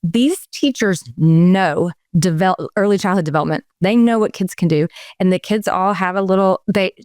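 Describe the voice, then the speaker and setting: A middle-aged woman on a podcast, talking in a lively, expressive way about her work with families. Her voice is smooth and clear at a middle pitch. The sound is dry and close to the mic. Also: moderate pace, dry recording. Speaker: guest, home organizer. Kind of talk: casual chat.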